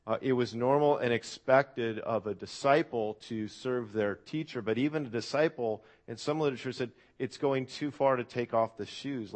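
Earnest man preaching in a low voice. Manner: earnest, reflective, asks the audience questions, frequent "uh" fillers. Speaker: pastor. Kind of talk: sermon.

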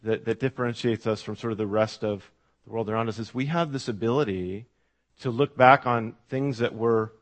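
A man's voice: mid-range voice, normal speed. A middle-aged man preaching a sermon as pastor, telling stories in a conversational way with fillers and asides to the congregation.

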